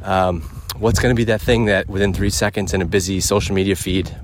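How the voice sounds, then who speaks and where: A man's voice: low-pitched, fairly even intonation, fairly quick, noisy background. A man hosting a podcast, giving an emphatic casual rant while out on a walk, a little out of breath. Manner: emphatic, punchy checklist delivery. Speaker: podcast host. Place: outdoors on a walk.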